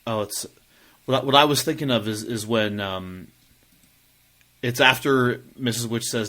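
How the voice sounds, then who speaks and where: A man's voice: medium pitch, normal speed, sharp tone. A man co-hosting a podcast, chatting casually about a book in a rambling way, with many fillers and restarts. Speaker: podcast co-host.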